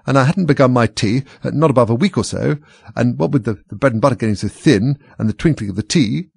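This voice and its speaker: A man's voice: medium pitch, big pitch swings, brisk, a little mellow, slightly rough, dry recording, voice pushed up. A man voicing a frightened hatter on trial, speaking with a trembling, stammering voice. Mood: nervous. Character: nervous, flustered male hatter on trial.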